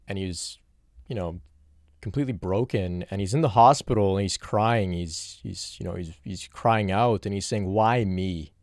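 Solo Q&A host: man, low voice, thoughtful and casual, dry close recording. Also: moderate pace, darkish tone, dry recording. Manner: reflective, conversational, frequent restarts and "you know". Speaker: spiritual teacher answering viewer questions. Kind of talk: solo Q&A talk.

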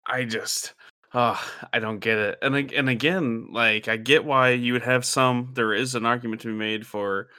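A man's voice: medium pitch, steady tone, moderate pace, bright, forceful tone, smooth, dry recording, studio quality. A man, a father, chatting casually and telling a long personal story, candid and swearing freely. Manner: candid, profane, rambling storytelling. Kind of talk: casual chat.

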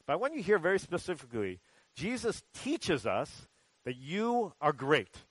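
A man preaching a children's sermon in a church, talking conversationally and storytelling with lively acted quotes. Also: fairly high pitch, normal speed, breathy edge, dry recording. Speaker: pastor. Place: church sanctuary.

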